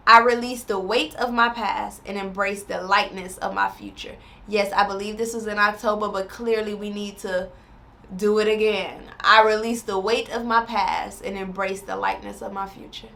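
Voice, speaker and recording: A woman vlogger reading affirmations slowly and repeating them, then chatting encouragingly to her viewers. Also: mid-range voice, fairly even intonation, a bit bright. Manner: encouraging, addresses viewers as y'all. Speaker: spirituality vlogger.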